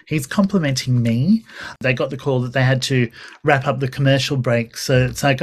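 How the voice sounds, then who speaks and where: A man's voice: mid-range voice, normal speed. A man talking as a podcast guest in a casual chat, telling stories animatedly with quoted dialogue and laughter.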